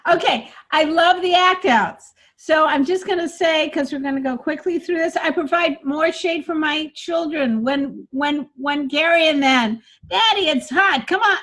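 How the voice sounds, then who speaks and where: A woman with a high voice runs a comedy coaching session. She talks energetically and emphatically, and now and then breaks into loud acted-out joke lines to show how they should land. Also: unhurried. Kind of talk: coaching session with feedback on jokes.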